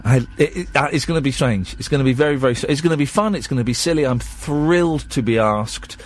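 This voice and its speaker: A man's voice: mid-range voice, fast talker. A tired man, hosting a late-night radio show in a rambling, chatty, self-deprecating way.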